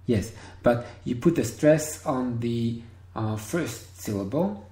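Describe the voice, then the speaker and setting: A man teaching Hebrew one-on-one over a video call, patient and encouraging, repeating words slowly. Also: mid-range voice, expressive, dark tone. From Israel. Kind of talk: one-on-one online language lesson. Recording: roomy video call audio.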